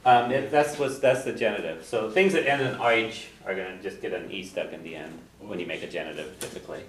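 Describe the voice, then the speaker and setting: A man's voice: on the low side, fairly quick. A man teaching a language class, patiently explaining and repeating phrases for his students, chuckling now and then. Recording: roomy classroom echo, faint noise.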